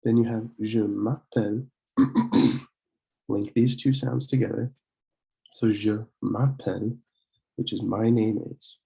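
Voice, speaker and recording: A young man teaching a French lesson from slides, slowly repeating words and often clearing his throat to correct himself. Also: mid-range voice, steady tone, dark tone, rough recording. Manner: slow, repeated pronunciation drills. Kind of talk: slide-based language lesson.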